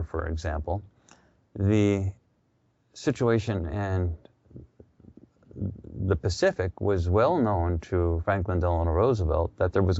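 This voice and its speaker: A man's voice: low-pitched, darkish tone, dry recording, dull audio. A man talking as a radio interview guest, telling history in a loose, conversational storytelling way. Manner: conversational, storytelling with quoted voices.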